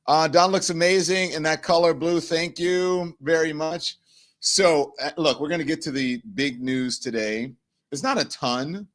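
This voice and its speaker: A man's voice: a little high, measured pace. A man hosting his own live-stream show, chatting casually, laughing easily and reading out viewer comments from what sounds like an apartment home studio.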